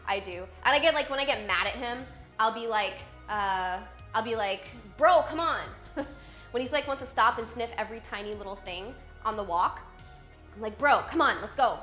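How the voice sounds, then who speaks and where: Speaking in a mid-range, fairly bright voice, this young fitness trainer hosts a casual live stream from home. She's bubbly and teasing with her viewers, reading their chat messages out loud and responding to each.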